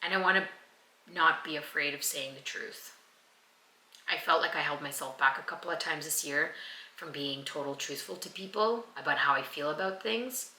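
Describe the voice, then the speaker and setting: A young woman vlogs at home in an earnest, rambling way as she looks back on her year. Her voice sits fairly low but sounds very bright and tense. The room around her is echoey. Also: moderate pace. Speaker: vlogger and actor. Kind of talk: casual year-end vlog.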